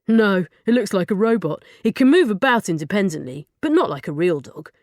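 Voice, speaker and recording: A woman's voice: medium pitch, lively intonation, a little mellow, dry recording, studio quality, lightly acted. Woman doing an eager know-it-all schoolboy. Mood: explaining. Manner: explains things keenly, quick and earnest.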